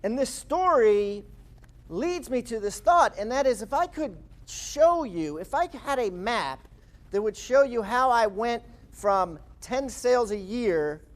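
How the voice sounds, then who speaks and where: A man in his fifties giving a motivational talk to a live audience, telling a story with lively, acted-out quotes. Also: high-pitched. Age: 50s. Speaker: speaker. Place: live presentation room.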